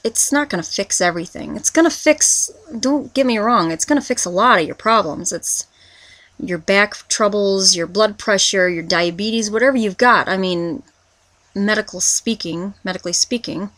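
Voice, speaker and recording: A woman in her twenties talking through a confessional personal vlog, rambling and halting, with many restarts as she searches for words. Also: mid-range voice, fairly bright tone, no room sound. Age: 20s. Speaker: vlogger.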